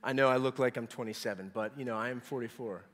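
Pastor, 40s, male, mid-pitched, emphatic preaching style, long reverberant hall sound. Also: fast talker. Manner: emphatic preacher, repeating words and swelling loud on key points. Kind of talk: sermon.

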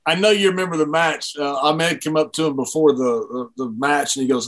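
A man with a slightly raised voice hosts a relaxed interview. He laughs easily and keeps nudging the guest along with questions. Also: a little high, a little fast, hardly any pauses. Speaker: podcast host. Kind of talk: casual interview chat.

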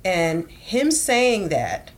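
A woman's voice: mid-range voice, sing-song, drawn-out words. A woman co-hosting a couples podcast, talking earnestly and animatedly about her marriage. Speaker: co-host. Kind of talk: casual podcast chat.

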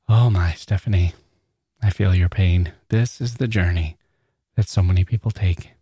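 A man hosts a podcast and reads listener mail aloud, slipping in wry jokes. His voice sits on the low side. The recording is close and dry with no room sound. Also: normal speed, mellow, slightly rough, no room sound. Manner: wry, joking asides. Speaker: podcast host.

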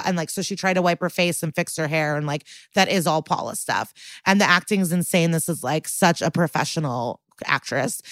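A woman co-hosting a podcast, recapping an episode in casual chat, animated and blunt, swearing freely with lots of likes and ums. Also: on the low side, no room sound. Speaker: podcast co-host.

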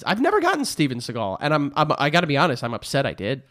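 A man's voice: a little high, huge pitch swings, quick pace, fairly bright tone. A man guesting on a podcast with a nasal voice, just over the flu, joking wryly in casual chat. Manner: wry, joking. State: recovering from flu.

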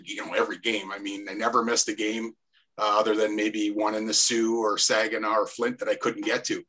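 Bright-voiced man telling stories. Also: lowish voice. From Canada. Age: 50s. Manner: rambling, full of restarts and fillers. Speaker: podcast guest, former player. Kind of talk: casual storytelling.

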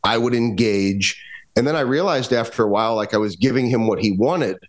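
A man guest on a podcast recounts a personal story with earnest emphasis. He often restarts his sentences as he searches for words. His voice sits at an ordinary middle pitch for a man. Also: fairly quick. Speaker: guest, performance coach.

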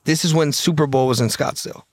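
A man telling a story in a casual, profane, fast-talking way, often quoting what others said. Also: on the high side, no room sound, studio quality. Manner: profane, fast-talking anecdote with quoted dialogue.

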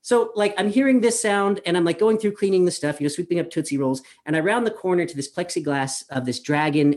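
A man's voice: on the high side, a little mellow. Chatty man telling a true story. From Colorado. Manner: chatty, self-deprecating, many fillers. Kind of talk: live personal storytelling. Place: his apartment. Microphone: webcam on a video call.

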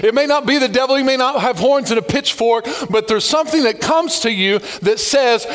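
A male pastor delivering an animated sermon in a high voice. He reads scripture, tells stories and drops playful jokes along the way. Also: a little fast, hardly any pauses. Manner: lively, animated preaching with joking asides.

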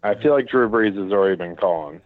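A man's voice: fairly low pitch, animated, fast, phone-quality sound. A man co-hosting a casual sports podcast, arguing his points bluntly. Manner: blunt, argumentative. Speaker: podcast co-host. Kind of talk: casual chat.

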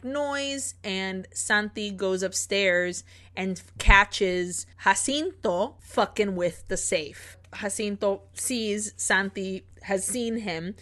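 A woman co-hosting a podcast, retelling a film's plot in a lively, casual way, acting out the characters' lines and swearing freely. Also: medium pitch. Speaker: podcast co-host. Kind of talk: casual film recap chat.

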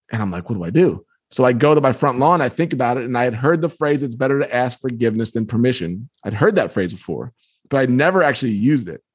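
A man in his fifties from the New York area, a guest author, telling a story in an animated way with frequent restarts. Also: medium pitch, dry recording, clean studio sound. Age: 50s. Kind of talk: storytelling in conversation.

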